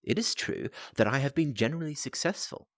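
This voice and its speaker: A man's voice: medium pitch, animated, a little fast, dry recording, studio quality, pitched above the performer's own voice, natural voice. A man reading aloud plays an aloof, precise detective who speaks in a clipped, self-assured way. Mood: cool.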